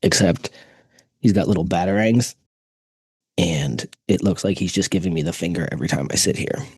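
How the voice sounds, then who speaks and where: A man's voice: low voice, normal speed, a little mellow, breathy edge, no room sound. A man in his thirties co-hosting a podcast over a video call, goofing around with silly voices while chatting casually. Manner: goofy, tries silly voices. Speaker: podcast co-host. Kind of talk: casual chat.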